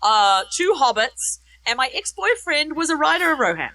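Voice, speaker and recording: A woman's voice: high-pitched, moderate pace. A woman from New Zealand with a New Zealand accent, a guest telling stories in a casual interview, acting out quotes. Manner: lively storyteller, acts out quotes. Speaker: guest author.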